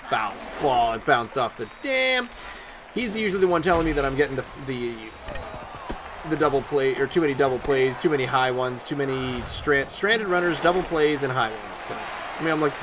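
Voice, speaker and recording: A man giving chatty, excitable let's-play commentary and talking back at the game as he plays. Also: mid-range voice, normal speed. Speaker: gaming YouTuber. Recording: loud game crowd and ambient noise behind the voice.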